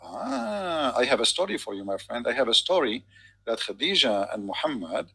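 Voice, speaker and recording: A man's voice: medium pitch, sing-song, moderate pace, creaky, sharp tone, slightly rough, rough recording. A man in a heated online debate who talks insistently and keeps saying "my friend". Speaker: debate host.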